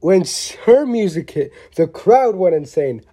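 Unhurried, soft-toned wrestling vlogger; blunt, rambling, excitable opinions. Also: mid-range voice, husky. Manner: rambling, excitable, with many restarts; blunt, with mild swearing. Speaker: wrestling show reviewer. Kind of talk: casual opinionated review.

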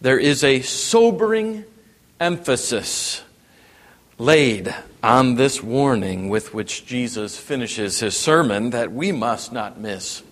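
A man preaching a sermon, dropping to a hush and then rising to emphatic, raised passages. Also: mid-range voice, expressive, takes it slowly. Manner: wide swings from hushed to emphatic preaching. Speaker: pastor. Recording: long reverb in a hall.

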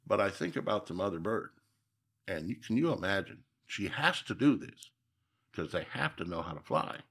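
A man's voice: deep voice, animated, normal speed, fairly bright tone, husky. A man from Minnesota, a guest telling stories in a casual interview, reflective and folksy with emphatic repeats.

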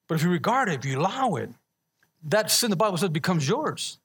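A man's voice: high-pitched, sing-song, brisk, fairly bright tone, husky. A man preaching a sermon in a conversational way, restarting words and asking the congregation to answer back. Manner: conversational preaching with repeated restarts and call-and-response. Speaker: pastor.

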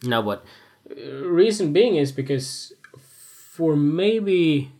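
A man's voice: fairly high pitch, expressive, slow, darkish tone. A young man and photographer talking frankly in a casual, rambling monologue, swearing freely and joking at his own expense. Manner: candid, rambling, swears freely, self-mocking humor.

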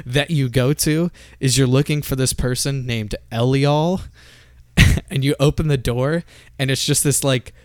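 Man, mid pitch, smooth clear voice, casual gaming rant full of profanity, dry close sound. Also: no room sound. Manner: profane, ranting, laughs often.

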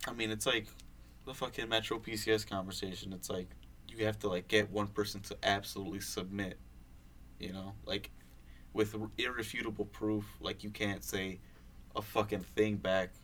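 A man's voice: fairly low pitch, flat delivery, normal speed, fairly bright tone, a little hiss or hum. A young man co-hosting a podcast, chatting casually, rambling with lots of fillers and swearing. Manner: rambling, swears a lot, many fillers and restarts. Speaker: podcast co-host. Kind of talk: casual chat.

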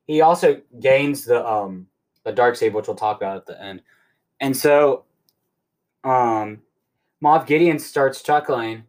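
A young man hosting a podcast, rambling excitedly through a casual recap and swearing often. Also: mid-range voice, a little slow, long pauses. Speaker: podcast host.

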